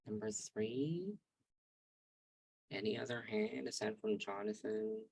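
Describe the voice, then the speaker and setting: Husky male teacher on a video call. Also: on the high side, sing-song, darkish tone, no echo, rough recording. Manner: patient, drills words slowly for pronunciation. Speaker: English teacher. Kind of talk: online language lesson.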